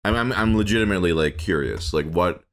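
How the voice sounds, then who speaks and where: A man's voice: low voice, fast talker. A man hosting a casual podcast chat, joking and rambling with many restarts. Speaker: podcast host.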